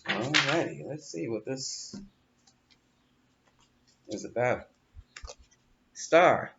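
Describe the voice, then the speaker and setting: Speaking extremely slowly in a gravelly, medium-pitched voice with lively intonation, a man reads tarot cards. He coaches and reassures in a chatty way, repeating words and bursting into laughter. There's background noise, and the audio is dull and lo-fi with faint room ambience.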